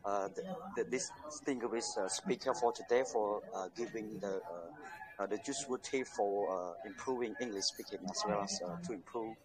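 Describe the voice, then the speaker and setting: A man in an online class asking a formal question, hesitant, with many pauses and repeated words. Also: fairly low pitch, crowd noise, rough recording.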